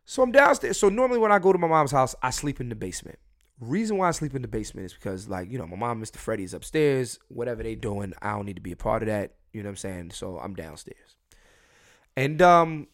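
A young man hosting a solo podcast, blunt and swearing freely, his voice swinging between loud and quiet. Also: mid-range voice, very animated, quick pace. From Philadelphia. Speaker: podcast host.

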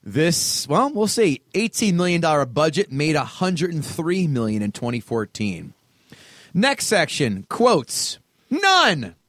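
Male podcast co-host with a Long Island accent, brash, profane banter, animated pitch, dry close mic. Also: slow, no room sound. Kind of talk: casual chat.

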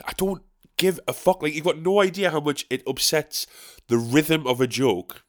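Ranting North East English comedian man. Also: moderate pace. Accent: North East English (South Shields). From South Shields, England. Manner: exasperated ranting, swearing, with sharp high-pitched "what?" outbursts. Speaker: stand-up comedian. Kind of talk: casual monologue podcast.

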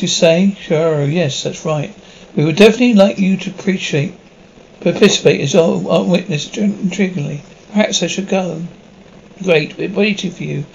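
A man reads a full episode script aloud, sound cues included, in one plain voice that stumbles and restarts now and then. His voice sits a little high for a man. The recording is dull and lo-fi, with a faint hiss. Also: creaky, darkish tone. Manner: reads every part and the stage directions in one plain voice, with slips and restarts. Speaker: script reader.

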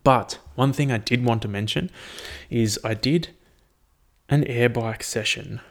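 A man's voice: medium pitch, unhurried, slight background noise. A young man casually recapping his training, rambling and swearing freely in an upbeat way. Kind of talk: casual chat.

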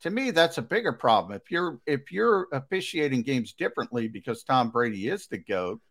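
A man's voice: medium pitch, animated, brisk, a bit bright. A man co-hosting a sports talk show, arguing bluntly about the rules and swearing casually.

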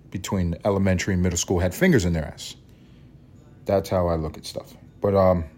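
A man with a fairly low voice, talking through a casual solo podcast. He rambles and swears freely, cracks jokes, and often restarts his sentences. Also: darkish tone. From Harlem, New York. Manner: rambling, profane and joking, with frequent restarts. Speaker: podcast host.

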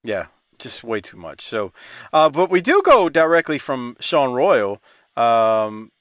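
A man's voice: medium pitch, very animated, slow pace, fairly bright tone, no room sound, studio quality. A man hosting a casual podcast, laughing often and talking loosely. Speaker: podcast host.

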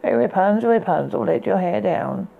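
A man's voice: high-pitched, animated, moderate pace, creaky, phone-quality sound, voice pushed up, full character voice. A man doing a haughty scolding enchantress. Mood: coaxing. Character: jealous scheming enchantress, older woman.

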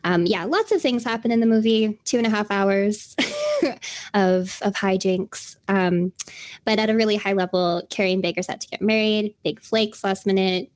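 A woman's voice: medium pitch, sing-song, normal speed, no echo. A young woman co-hosting a podcast, chatting casually with frequent laughs and fillers. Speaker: podcast co-host.

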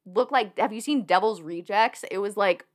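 A woman's voice: medium pitch, normal speed. A young woman telling a personal story as a podcast guest, chatty and laughing often, with plenty of fillers. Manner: animated, laughing, lots of fillers. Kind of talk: casual storytelling.

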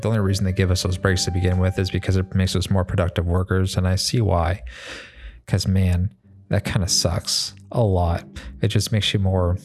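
Low-voiced man rambling casually. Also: a little mellow. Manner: rambling, with many fillers and restarts; laid-back, swears casually. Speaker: mechanic. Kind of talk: casual monologue.

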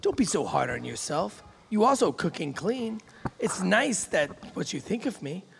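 A man voicing a crude, boastful macho man who narrates his own love scene, reading it in a lower, coarser voice than his own. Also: sing-song, moderate pace, gravelly, noisy background, full character voice. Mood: smug. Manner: coarse swaggering first-person reading. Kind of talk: comic reading of a novel excerpt.

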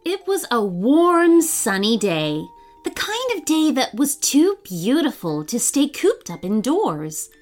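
A woman reads a children's story aloud in a slow, unhurried way. Her voice rises and falls with lots of expression, on the high side. Faint music plays softly underneath. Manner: warm, animated and expressive.

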